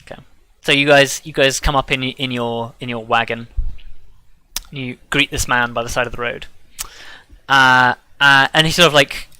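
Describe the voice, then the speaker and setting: Bright-voiced man running a tabletop game. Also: mid-range voice, fairly even intonation, smooth, dry recording. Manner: halting, filler-heavy narration. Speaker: dungeon master.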